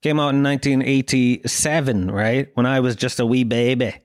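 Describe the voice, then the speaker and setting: A man in his thirties with a Dublin Irish accent, ranting and swearing on his own solo podcast, mock-indignant and animated. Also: mid-range voice, normal speed. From Ireland. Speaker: podcast host. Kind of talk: casual solo podcast rant.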